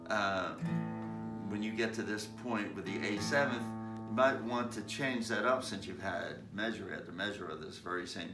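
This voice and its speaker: A man giving a casual guitar lesson, talking haltingly with many fillers, stopping to demonstrate strums. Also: on the low side. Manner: slow, halting, frequent fillers, sings snatches of lyrics. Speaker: guitar teacher. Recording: roomy sound, distant mic, loud guitar.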